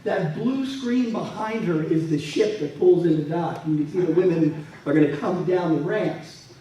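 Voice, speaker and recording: A man's voice: on the high side, normal speed, warm tone, slight background noise. A man giving an anecdotal talk with slides at a museum event, acting out the people in his stories. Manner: storytelling, acts out quoted people. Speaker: guest speaker and military historian. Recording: echoey room from a distant mic.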